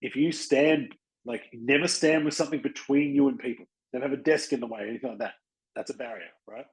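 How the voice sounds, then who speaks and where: An Australian man hosting a podcast, giving casual, blunt coaching advice and acting out quick exchanges with people. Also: medium pitch, low-quality recording. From Western Australia. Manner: blunt, chatty, acts out little dialogues with people. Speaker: podcast host and chiropractic practice coach.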